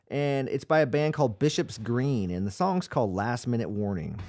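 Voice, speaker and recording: A man's voice: medium pitch, very animated, normal speed, hardly any pauses, a little mellow. A man hosting a home-made radio podcast, talking in a tired, rambling way with many ums and restarts. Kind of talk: casual rambling chat.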